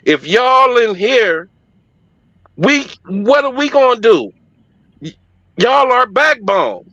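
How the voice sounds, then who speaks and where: Man voicing fervent church women, high and pleading, brightly pitched, dull lo-fi recording. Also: big pitch swings, takes it slowly, dry recording, exaggerated voice. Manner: pleading, emphatic.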